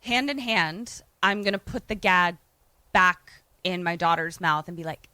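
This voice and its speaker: A woman's voice: on the low side, a little slow, sharp tone, dry recording. A young woman co-hosting a podcast, reacting playfully and gaming out what she would do. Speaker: podcast co-host. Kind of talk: casual chat.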